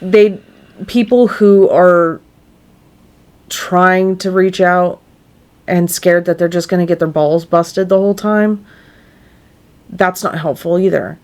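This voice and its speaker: Slow-talking earnest woman podcaster. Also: on the low side, steady tone, darkish tone. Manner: earnest, rambling with many fillers. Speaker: podcast co-host. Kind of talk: casual podcast chat. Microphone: podcast microphone.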